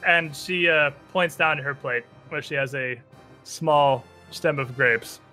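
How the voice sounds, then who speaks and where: Bright-voiced male game master. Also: on the high side, unhurried, soft background music. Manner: animated, descriptive storytelling. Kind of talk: narrating a tabletop game.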